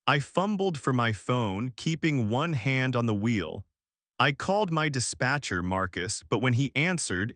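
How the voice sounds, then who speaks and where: Guy narrating a creepy story real slow, dry close mic, steady and measured. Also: mid-range voice, no echo. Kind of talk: scripted horror story narration.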